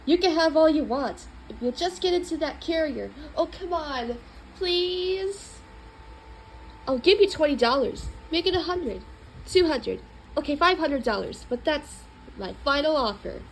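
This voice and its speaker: Lady doing a frazzled cat owner begging the cat, squeaky high and all over the place. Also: animated, unhurried, slight background noise, low-quality recording. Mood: pleading. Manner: exaggerated sugary then blustering, squealing. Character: flustered cat owner coaxing and bossing a stubborn cat.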